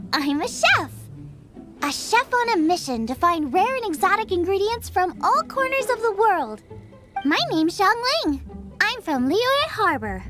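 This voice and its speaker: A woman's voice: extremely high pitch, full character voice. A woman voicing an eager, food-obsessed young female chef who gets carried away talking about recipes. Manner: excitable, rambles about recipes. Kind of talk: game cutscene voice acting. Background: game music.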